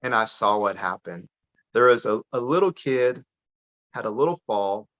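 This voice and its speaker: A man telling a personal story as a guest on a podcast interview, lively and full of restarts. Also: on the low side, normal speed. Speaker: podcast guest, parent advocate. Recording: dull lo-fi sound.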